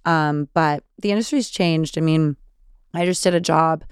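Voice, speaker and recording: Californian woman in her 30s, fry-y but super smooth voice, chatty, dry close sound. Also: deep voice, moderate pace, dry recording. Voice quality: vocal fry. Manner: chatty, many fillers and restarts. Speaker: podcast host. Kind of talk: casual solo Q&A.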